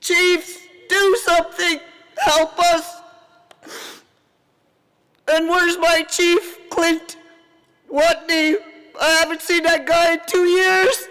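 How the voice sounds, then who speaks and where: A woman's voice: very high-pitched, flat delivery, takes it slowly, long pauses, a bit bright. A middle-aged woman, a grieving mother, making an emotional and defiant public address that breaks at times. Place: large assembly hall. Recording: reverberant hall sound.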